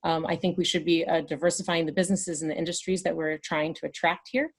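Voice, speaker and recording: A woman with a somewhat low voice, speaking over a video call as a council candidate. She pauses often and fills the gaps with small fillers as she builds each point. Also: fairly even intonation, slightly rough. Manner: hesitant, many fillers. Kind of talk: candidate forum answer.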